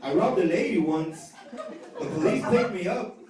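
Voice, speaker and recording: Man from Chicago, stand-up comic, high voice, casual and chatty, miked at a distance in an echoey club. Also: lively intonation, normal speed. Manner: casual, conversational, keeps asking "right?". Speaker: stand-up comedian. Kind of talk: stand-up comedy set. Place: comedy club stage. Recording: roomy live club sound from off mic with loud crowd laughter.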